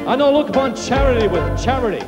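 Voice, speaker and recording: A man's voice: very high voice, expressive, quick pace, roomy sound, over loud music. An actor playing a greedy, cruel male TV preacher who mocks his flock in a sketch comedy. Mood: scornful. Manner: scornful, mocking, preaching. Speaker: televangelist.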